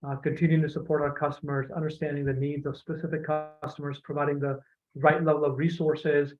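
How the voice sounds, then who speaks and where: Man, presentation talk, flat delivery, many fillers and restarts, hoarse edge, phone-line quality. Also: fairly high pitch, over music. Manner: measured, with frequent fillers and restarts. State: losing his voice, clearing his throat. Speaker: utility executive giving a talk. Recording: phone-like narrow audio.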